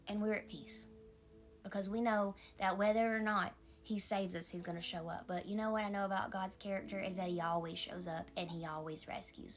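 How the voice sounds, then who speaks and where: Speaking in a mid-range voice with a Southern accent, a woman pastor delivers a devotional sermon that is calm and motherly, frequently softening to a whisper.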